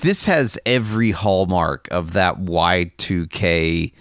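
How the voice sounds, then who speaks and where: A man's voice: sits low, takes it slowly, clean tone, no room sound, studio quality. A man co-hosting a casual podcast, joking and laughing often. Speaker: co-host.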